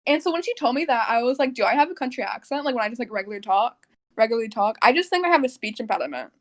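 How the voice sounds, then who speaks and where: Young woman, from Texas, podcast co-host, casual rambling chat, slightly high voice. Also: big pitch swings, very fast. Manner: rambling, filler-heavy, laughing.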